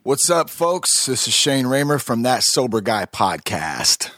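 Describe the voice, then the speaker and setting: A man speaking as a guest on a podcast panel in a casual, halting way, with fillers as he gathers his thoughts. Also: mid-range voice, big pitch swings, fairly bright tone, no room sound. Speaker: podcast guest and fellow host.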